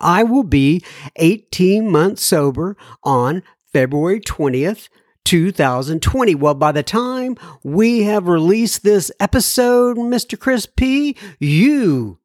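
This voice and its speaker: A man hosts a podcast and reads listener letters aloud, breaking off into rambling, self-interrupting jokes. His voice sits a little high for a man and swings widely in pitch. The sound is dry and close, with no room echo. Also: lively intonation, slow pace, a little mellow. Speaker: podcast host reading listener mail. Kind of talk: casual podcast chat.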